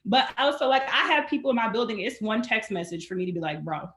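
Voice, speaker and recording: Woman, casual chat guest, animated storyteller, lively pitch, echoey room. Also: fast talker, slight background noise. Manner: animated, acts out quotes in her storytelling. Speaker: podcast guest.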